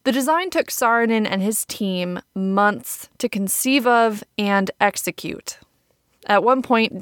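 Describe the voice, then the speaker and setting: A woman with a Wisconsin accent hosts a history podcast, reading a scripted story and dropping in wry, chatty remarks. Her pitch sits in a middle range for a woman. The recording is close and dry, with no room sound. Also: fairly bright tone, no room sound. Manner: conversational, wry asides. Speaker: podcast host. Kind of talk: scripted history narration with asides.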